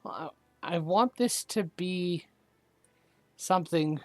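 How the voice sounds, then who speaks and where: A man running a tabletop game as game master, calling out turns and dice rolls in a low-key way. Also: slow.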